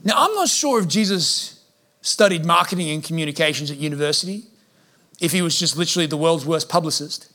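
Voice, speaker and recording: A man's voice: fairly high pitch, expressive, brisk, bright, forceful tone. A man preaching a sermon as a pastor, humorous and acting out the voices he quotes. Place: church hall with congregation.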